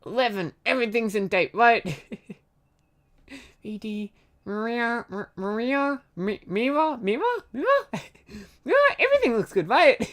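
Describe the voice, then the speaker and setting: A young woman streams a game and gives live commentary, chatting with her viewers and giggling often. Her voice is fairly high and expressive, and her pace is unhurried. Soft music plays in the background.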